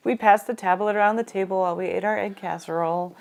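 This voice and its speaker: A middle-aged woman co-hosting a casual live stream, chatty and upbeat, chiming in with quick replies. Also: medium pitch, fairly even intonation, gravelly, darkish tone.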